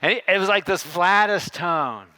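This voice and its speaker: A man giving a keynote talk on a conference stage, telling a story and acting out the dialogue with lively shifts in tone. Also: sits high, normal speed. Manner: animated, acts out dialogue with shifting tones. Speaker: keynote speaker.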